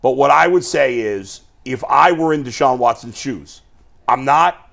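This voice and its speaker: A man's voice: mid-range voice, expressive, a little slow, gravelly, fairly bright tone. A man co-hosting a sports talk show, working through his opinion step by step.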